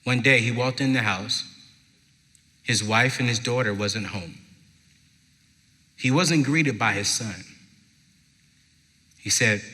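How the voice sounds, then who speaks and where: Bright-voiced man speaking in a hall. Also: medium pitch. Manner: emphatic storytelling with slow, dramatic pauses. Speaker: motivational speaker at a parenting event. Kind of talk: live inspirational talk to an audience. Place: large event hall with live audience. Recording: long hall reverb from a live venue.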